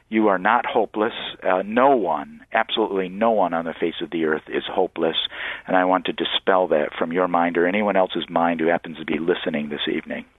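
A man, a priest, explaining faith to callers on a radio show in an earnest, halting way. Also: low-pitched, no room sound. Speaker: priest guest. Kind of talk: radio call-in teaching on faith. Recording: tinny phone line, dry.

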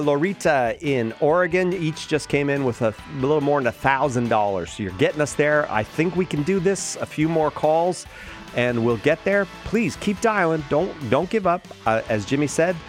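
A man's voice: a little high, lively intonation, soft background music. A male radio host making an upbeat, urging pledge-drive appeal from a studio. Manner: upbeat, urging, repeats phone number slowly. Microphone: studio microphone.

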